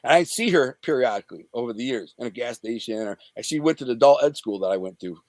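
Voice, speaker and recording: A man's voice: mid-range voice, animated, fast talker, darkish tone, no room sound. A man from the Detroit area, an interview guest telling a story in profane street slang and acting out the scenes. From Detroit area, USA. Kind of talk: casual storytelling.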